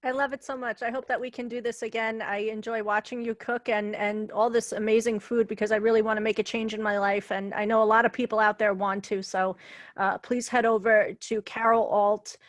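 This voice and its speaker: A woman's voice: on the high side, flat delivery, brisk, no room sound. A woman from Brooklyn, hosting a casual interview in a chatty, playful way. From Brooklyn, New York. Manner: chatty, playful, apologetic asides. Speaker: host.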